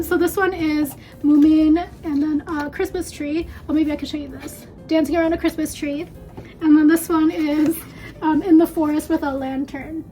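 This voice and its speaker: A young-sounding woman with a high voice talks her way through a shopping haul at her desk. She rambles and fills pauses with "um," sounding slightly out of breath. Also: darkish tone. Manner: chatty, rambling with many fillers. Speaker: beauty vlogger. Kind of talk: casual haul vlog.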